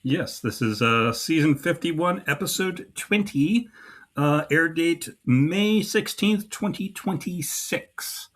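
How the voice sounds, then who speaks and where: A man's voice: fairly high pitch, takes it slowly, a bit bright. A man co-hosting a comedy podcast, recapping sketches with dry, wry banter. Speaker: podcast co-host. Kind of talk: casual comedy podcast chat.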